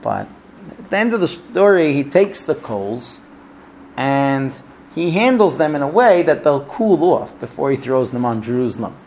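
A man giving a Talmud class, telling stories with vivid, animated intonation and conversational fillers. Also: mid-range voice, normal speed, a little hiss or hum. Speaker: Torah teacher.

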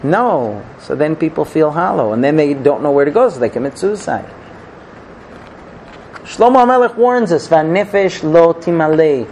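A man giving a sermon, telling a parable in an animated storytelling manner. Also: fairly high pitch, normal speed, long pauses, slight background noise, poor audio. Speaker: religious teacher.

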